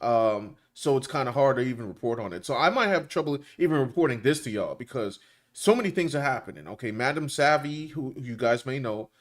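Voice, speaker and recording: Guy rambling thru a casual commentary chat, loose and colloquial, mid-pitched voice. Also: lively intonation, brisk. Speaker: co-host.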